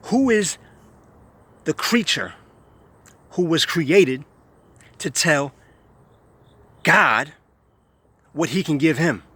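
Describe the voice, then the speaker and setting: A man's voice: fairly high pitch, big pitch swings, drawn-out words, long pauses, bright, forceful tone, husky, no echo. A man talks straight to camera in an emphatic, scornful rant. He circles back to the same points again and again, pressing each one hard. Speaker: vlogger. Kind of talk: ranting monologue to camera.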